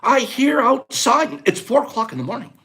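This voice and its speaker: Lively male host, high voice, animated storyteller who laughs through it. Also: moderate pace. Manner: animated, laughing, acts out scenes. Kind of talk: casual storytelling.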